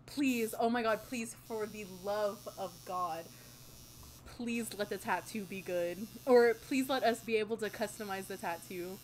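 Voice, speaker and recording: A young woman giving casual, excitable gameplay commentary, swearing and exclaiming often. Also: medium pitch, a little slow, a little hiss or hum. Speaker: gaming channel host.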